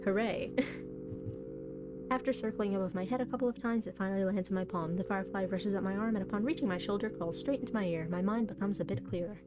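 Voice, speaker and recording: A woman's voice: medium pitch, fairly quick. A woman streamer reading a visual novel aloud, breaking into chatty, giggly asides between the lines. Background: soft background music.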